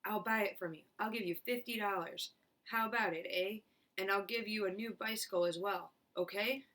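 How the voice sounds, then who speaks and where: A woman's voice: medium pitch, normal speed, a bit bright, distant mic, natural voice. A woman voicing a scheming tall man in a storybook reading, whispering and coaxing. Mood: sly.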